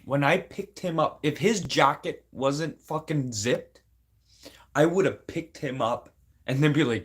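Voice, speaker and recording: A man's voice: mid-range voice, animated, unhurried. Blunt, foul-mouthed man venting. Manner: blunt, heavy swearing, rambling; emotional, aggrieved. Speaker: vlogger. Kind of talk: casual venting to camera.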